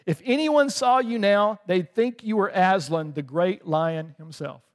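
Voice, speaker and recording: A man voicing a scheming male ape from a storybook who flatters and coaxes. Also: high-pitched, measured pace. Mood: flattering. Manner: coaxing and flattering.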